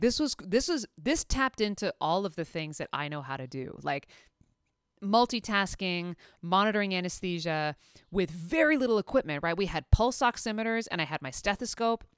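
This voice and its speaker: A middle-aged woman, a veterinary anesthetist, telling a story in an animated, chatty way full of fillers and restarts. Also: lowish voice, clear, resonant tone, no room sound, clean studio sound. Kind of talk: casual storytelling.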